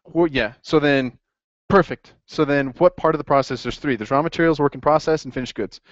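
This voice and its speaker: A man teaching an accounting class in a lively classroom lecture, quizzing students as he goes. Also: a little high, brisk, no room sound. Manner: upbeat, asks the class questions. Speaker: accounting instructor. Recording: dry, dull lo-fi classroom recording.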